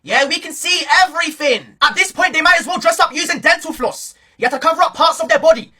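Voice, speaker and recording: A woman delivering a brash, mocking comedic rant to the camera with loud outbursts. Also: very high voice, fast talker. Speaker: comedy skit creator.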